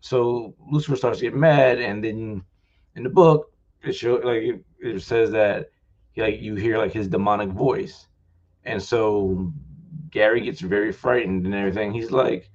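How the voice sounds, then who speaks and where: A man with a lowish voice talks loosely about his book, stringing his thoughts together with "like" at every turn. His talk is excitable and casual. The sound is dull and lo-fi, from a live festival recording. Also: moderate pace. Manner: rambling, loaded with "like"; excitable, thanks the crowd warmly. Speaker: author.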